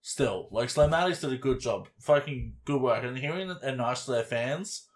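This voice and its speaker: A man's voice: mid-range voice, animated, normal speed. A man, co-hosting a podcast and reviewing an album in casual, rambling chat with casual swearing. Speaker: podcast co-host.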